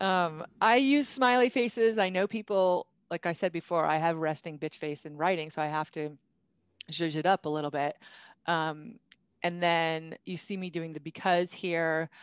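Woman founder, casual and upbeat, laughs a lot, lower voice, dry recording. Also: clean tone, dry recording. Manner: upbeat, chatty, laughs often. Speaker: guest speaker, company founder. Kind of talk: casual webinar presentation.

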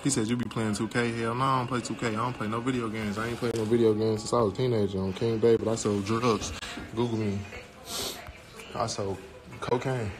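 A man's voice: fairly low pitch, level tone, brisk, music in the background. A young man casually chatting on a livestream from his home, talking loose, profane and rambling. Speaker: livestream host. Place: indoors at home. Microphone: phone. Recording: noisy phone livestream audio.

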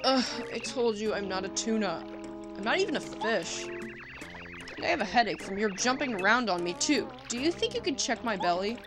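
A woman's voice: a little high, animated, normal speed, over music, natural voice. A woman voicing a whining giant whale that pleads for help. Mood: whiny. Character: whiny giant whale with a bellyache.

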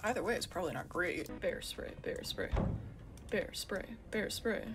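A woman's voice: mid-range voice, steady tone, moderate pace. A woman playing horror video games with joking commentary, often yelping and exclaiming when startled. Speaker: gaming YouTuber. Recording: game music behind the voice.

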